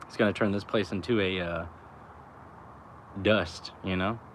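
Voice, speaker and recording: This young adult man, a vlogger, speaks to camera outside in a voice on the low side with a fairly bright tone. His spiritual musings ramble along in loose slang, heavy on "like," "you know," and swearing.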